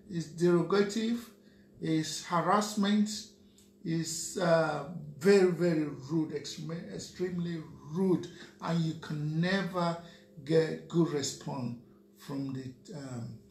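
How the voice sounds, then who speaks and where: Nigerian male radio co-host, slow lecturing delivery, roomy echo. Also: on the high side. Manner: lecturing, keeps asking "you understand?". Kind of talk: radio talk commentary. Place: radio studio. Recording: echoey room with faint hum.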